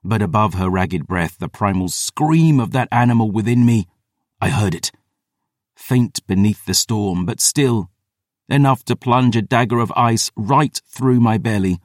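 A man giving a dramatic audiobook narration, measured and intense, with slow emphatic beats. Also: fairly low pitch, dry recording, studio quality.

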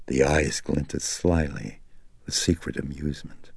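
A man reading a horror novel aloud in a slow, deliberate, ominous style. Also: extremely low pitch, creaky, darkish tone, slightly rough, no echo, clean studio sound. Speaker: audiobook narrator. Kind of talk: scripted horror narration.

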